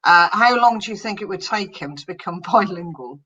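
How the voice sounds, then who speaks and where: Interview host, friendly, encouraging, bright tone, mid pitch. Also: expressive, a little fast, dull audio. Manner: friendly, encouraging, laughs easily. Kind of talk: interview host reading listener questions.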